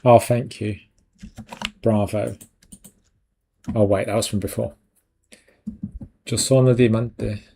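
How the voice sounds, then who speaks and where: Gravelly, slow-talking man. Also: on the low side, fairly even intonation, mellow, a little hiss or hum. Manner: joking, chatting to viewers, laughing often. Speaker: 3D art stream host. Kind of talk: casual live-stream chat while working.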